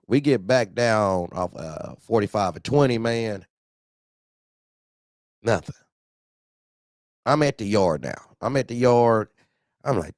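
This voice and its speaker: A man telling a profane, animated story about his truck. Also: fairly low pitch, a little slow, dry recording, clean studio sound. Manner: profane, animated, acts out other voices. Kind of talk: casual storytelling.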